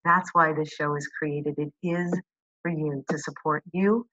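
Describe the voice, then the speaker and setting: A woman podcast host with a bright, forceful tone and an effusive, encouraging way of talking. Her voice sits a little low, and the audio is dry and somewhat muffled. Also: steady tone, a little slow, dry recording. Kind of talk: interview and show promo.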